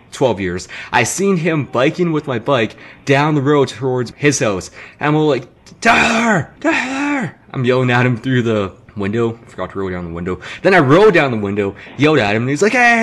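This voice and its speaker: Young man, casual animated storyteller for game commentary. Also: mid-range voice. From Canada. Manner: animated, acts out quotes, swears freely. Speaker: gaming commentator.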